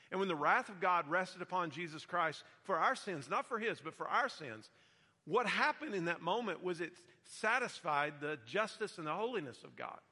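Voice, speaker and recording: Man, pastor, sermon, bright forceful tone, measured delivery. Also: on the high side, long reverb tail. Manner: measured preaching, reading scripture aloud. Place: church hall.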